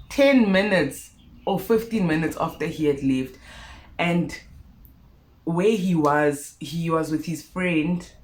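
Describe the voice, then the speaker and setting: A young South African woman telling a personal story to her viewers in a vlog, expressive and animated. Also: deep voice. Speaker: YouTuber. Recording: roomy echo.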